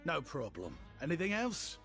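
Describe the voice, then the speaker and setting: An eager young shopkeeper with an English accent, heaping flowery courtesies on his guests. His fairly high voice rises and falls a lot, with faint game music underneath. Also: wildly swooping pitch, moderate pace. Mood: friendly. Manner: flowery, overly courteous speech. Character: young male shopkeeper, eager, humble and polite.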